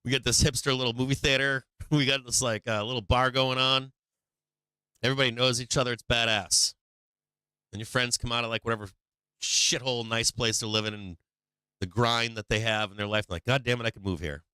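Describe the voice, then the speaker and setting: A man's voice: mid-range voice, little pitch movement, brisk, sharp tone, clean tone, dry recording. A man hosting a stock market live stream, ranting bluntly and profanely in a casual, preachy way with frequent laughs.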